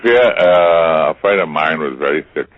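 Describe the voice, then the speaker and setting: A man's voice: very deep voice, lively intonation, normal speed, no echo. An older man from Trinidad, a guest telling stories in a theatrical way, repeating words and acting out the voices of people he quotes. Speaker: interview guest. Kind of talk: storytelling conversation. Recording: tinny phone-like line, dry.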